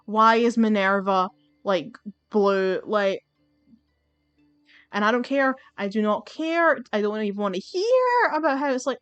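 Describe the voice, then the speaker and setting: Woman, young adult, gamer commentary, ranting, swearing, mid pitch, dry. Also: animated, a little slow, no echo. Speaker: gaming channel host. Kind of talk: let's play commentary.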